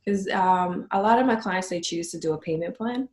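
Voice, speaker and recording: A woman's voice: on the low side, moderate pace, echoey room. Woman telling client stories. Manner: warm storytelling, acts out clients' lines. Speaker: guest, photography business owner. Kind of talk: conversational interview.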